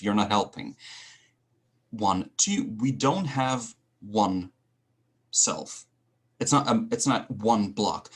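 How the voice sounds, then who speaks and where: A man who coaches public speaking, a guest in an interview, talking in an animated, ranting way with self-mocking humor. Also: on the low side, breathy edge. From Switzerland and Greece. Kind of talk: conversational interview.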